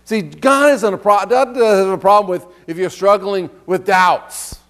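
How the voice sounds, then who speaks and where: A pastor gives a conversational sermon in a high-pitched, fairly bright voice with fairly even intonation at normal speed. Along the way he asks the congregation rhetorical questions and reads scripture aloud.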